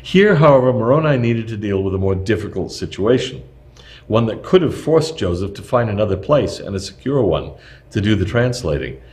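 Reading a prepared history text aloud, a man keeps a measured, steady delivery, though he stumbles slightly now and then. His voice is somewhat low.

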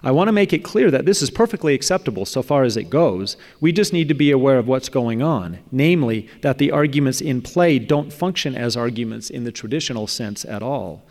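A man reads a prepared paper aloud, measured and academic. His voice sits at an ordinary middle pitch. A long reverb from the hall trails behind each phrase. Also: lively intonation, a little mellow. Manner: measured, academic, with occasional slips and restarts. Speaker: speaker presenting a paper on religious apologetics. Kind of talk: reading a prepared talk aloud.

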